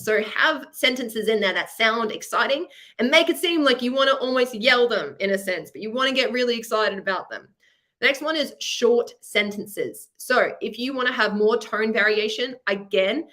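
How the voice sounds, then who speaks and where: A woman's voice: fairly high pitch, a bit bright. A woman with an Australian accent presenting a webinar masterclass for students, chatty and encouraging, explaining with examples over a webcam. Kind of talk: upbeat teaching webinar.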